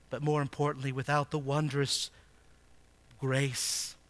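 A man preaching a sermon in a high, bright voice. He leans on rhetorical questions, dropping to a hush and then rising to loud emphasis. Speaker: pastor.

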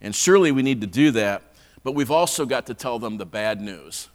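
A man's voice: medium pitch, animated, normal speed. A man preaching a conversational sermon in a church, often repeating words as he restarts. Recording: long hall reverb.

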